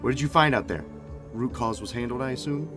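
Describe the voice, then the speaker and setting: A man's voice: mid-range voice, brisk, music in the background, pitched above the performer's own voice, lightly acted. A man voicing a smug wealthy lord. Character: pompous wealthy middle-aged lord, smug father.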